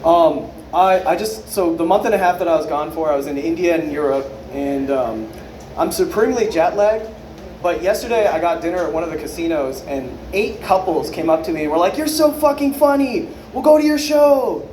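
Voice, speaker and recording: A man's voice: fairly high pitch, fairly quick, darkish tone, a little hiss or hum. A man in his thirties doing an unrehearsed stand-up set, rambling loosely, swearing a lot and acting out other people's lines. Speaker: stand-up comedian. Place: comedy club stage with a live audience. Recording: echoey club room with crowd. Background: audience laughter.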